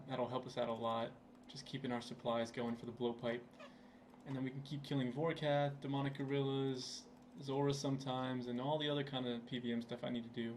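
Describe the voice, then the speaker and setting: A young man hosting a gaming channel chats loosely over his gameplay at his computer, relaxed and rambling with frequent fillers. His voice is medium in pitch, and the recording carries a little hiss or hum.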